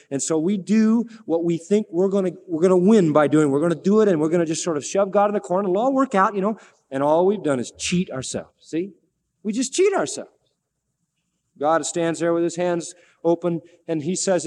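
A man's voice: a little high, lively intonation, brisk, a little mellow. A man preaching a sermon who quotes scripture with emphasis and asks the listeners questions. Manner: emphatic, quoting scripture, asking the crowd questions. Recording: long reverb of a large hall.

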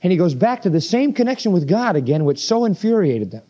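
A man's voice: high voice, sing-song, fast, mellow, muffled recording. A man preaching a sermon verse by verse, emphatic and full of rhetorical questions.

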